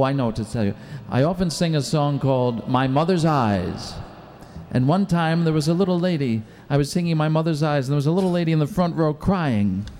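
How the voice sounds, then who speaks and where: A man's voice: on the high side, darkish tone. A man doing rambling stage patter as a lounge entertainer, telling corny jokes between songs at a live show.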